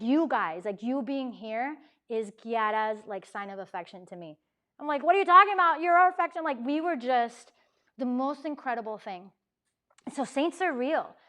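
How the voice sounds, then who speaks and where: Animated woman telling a story. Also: fairly high pitch. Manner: animated, acts out quoted dialogue, frequent "like" fillers. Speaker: campus ministry speaker. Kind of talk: lively storytelling talk. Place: university talk room.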